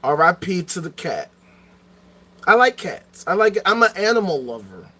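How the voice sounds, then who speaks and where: High, bright-voiced profane ranting man. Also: normal speed. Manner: profane, excitable, breaks into shouting. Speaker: podcast host. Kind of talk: solo philosophical rant.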